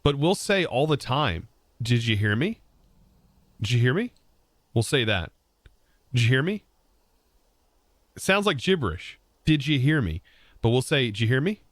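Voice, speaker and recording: Between tasks in a modded building game, the streamer rambles to his chat about words in a loose, chatty live session. His mid-range voice is very animated at normal speed, he pauses often, and there's no room sound.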